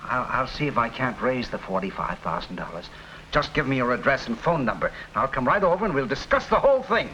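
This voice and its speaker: An actor playing a greedy, nervous crime syndicate boss in an early TV crime drama, blustering and pleading. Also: male voice, medium pitch, big pitch swings, a little fast, pushed and bright. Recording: dull old TV soundtrack with faint hiss.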